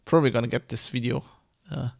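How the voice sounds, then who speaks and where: A man's voice: medium pitch, fairly even intonation, fast talker, vocal fry, no echo, studio quality. A man with a mother tongue, ranting in a casual vlog, rambling and heated, with many restarts and swearing. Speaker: vlogger. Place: Germany.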